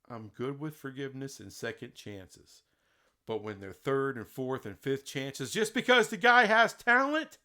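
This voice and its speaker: A man delivers an opinionated sports rant in a fairly high voice. His pitch swings widely as he presses point after point. He sounds indignant and fires off rhetorical questions. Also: bright, forceful tone. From Texas. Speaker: sports commentator. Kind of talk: opinionated solo commentary.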